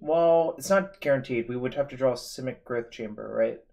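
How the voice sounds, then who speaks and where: A man's voice: mid-range voice, normal speed, creaky, darkish tone. A man hosting a live game stream, analyzing plays in a casual, thinking-aloud way. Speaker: streamer host. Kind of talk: casual gaming commentary.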